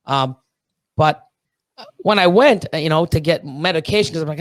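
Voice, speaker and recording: A man in his thirties from Canada chats as a podcast guest in a slightly high voice. He is excitable and rambling, peppering his talk with swearing, fillers and restarts. The sound is close and dry. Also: moderate pace, no room sound. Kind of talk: casual chat.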